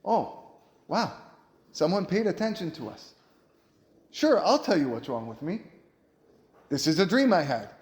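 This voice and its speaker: A man's voice: on the high side, very animated, a little slow, pauses often, a little mellow, pitched above the performer's own voice. A man voicing troubled male prisoners, exclaiming in a raised, eager voice. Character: two troubled male prisoners, suddenly relieved. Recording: roomy echo.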